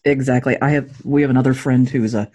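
A woman in her forties, a podcast guest, telling a personal story with jokes and acted-out dialogue. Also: quick pace. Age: 40s. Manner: jokey, acts out dialogue with lively pitch jumps.

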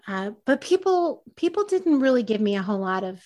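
A woman's voice: a little high, sing-song, brisk, warm tone. Candid woman telling her story. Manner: candid, self-deprecating, laughing at herself. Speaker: podcast guest. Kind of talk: personal storytelling in conversation.

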